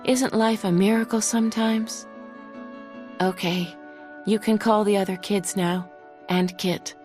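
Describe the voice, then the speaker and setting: A woman voicing a tired, tender teenage girl with wings who has just become a mother, speaking softly and intimately. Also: medium pitch, steady tone, measured pace, soft background music, lightly acted.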